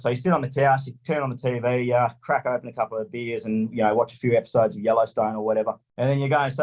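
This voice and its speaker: An Australian man telling a story on a podcast, animated and swearing, acting out little scenes. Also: mid-range voice, very fast, highs cut off. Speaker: lawn mowing franchisee guest.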